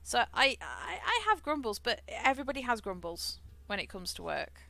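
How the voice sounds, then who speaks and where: A woman's voice: on the high side, very animated, normal speed, vocal fry, pushed and bright, no room sound. A woman streamer chatting casually and rambling as she plays a game, often laughing. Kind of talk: casual chat while gaming.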